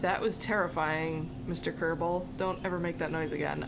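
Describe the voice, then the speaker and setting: A woman's voice: sits low, steady tone, normal speed, gravelly, few pauses, noisy background. Upbeat woman game streamer. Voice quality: chatty and upbeat, greets chat viewers. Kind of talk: casual live-stream chat. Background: game music.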